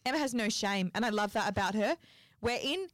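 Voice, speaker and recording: A woman, co-hosting a podcast in casual chat with quick joking banter and free swearing. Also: mid-range voice, animated, no room sound, clean studio sound. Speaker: podcast co-host.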